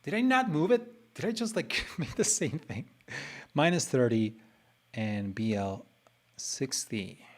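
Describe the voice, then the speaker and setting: A man's voice: a little high, creaky. A man streaming his design work, chatting casually and playfully as he thinks aloud and talks to his screen. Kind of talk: casual live design commentary.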